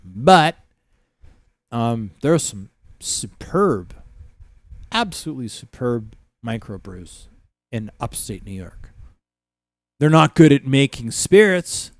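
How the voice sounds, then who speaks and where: A man's voice: medium pitch, very animated, slow pace, long pauses, no room sound. A man hosting a livestream, telling rambling, profane stories in casual chat with many fillers. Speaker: livestream host.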